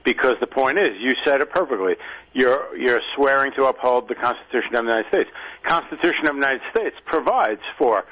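A man co-hosting a political talk radio show, measured and deliberate, stressing key words. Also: medium pitch, expressive. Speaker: radio co-host, commentator. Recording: dull lo-fi radio sound.

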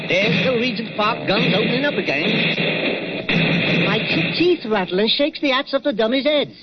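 An actor playing a chatty, cheeky Cockney museum attendant in a vintage radio drama. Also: male voice, very high voice, lively intonation, normal speed, loud music behind the voice. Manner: chatty, cheeky, chuckling, calls people "Governor". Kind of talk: 1940s radio acting. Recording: dull lo-fi old radio recording.

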